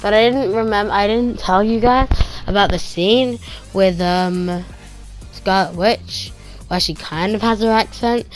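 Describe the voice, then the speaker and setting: A woman giving a casual spoken movie review, retelling scenes excitedly with pew-pew sound effects and drifting into quiet, rambling asides. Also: medium pitch, a little slow, soft background music.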